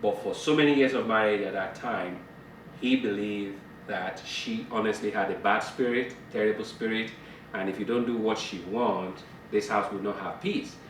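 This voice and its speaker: Speaking at a moderate pace in a voice on the low side, a middle-aged marriage counselor talks a couples group through communication. He's conversational, laughing and acting out exchanges, and the distant capture in the fellowship meeting room sounds roomy with a little background noise.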